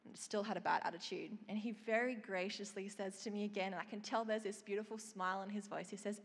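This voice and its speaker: A woman preaching a sermon, telling of a vision in an expressive storytelling way and reading scripture. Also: mid-range voice, fast, hardly any pauses, slightly rough, big-room sound.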